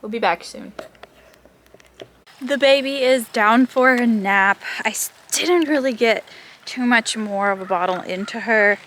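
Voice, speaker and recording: A woman's voice: a little high, a little slow, fairly bright tone. A woman chatting casually as she walks around her farm, a bit out of breath, rambling and laughing now and then. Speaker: farm vlogger. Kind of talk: casual vlog chat. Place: outdoors on a farm.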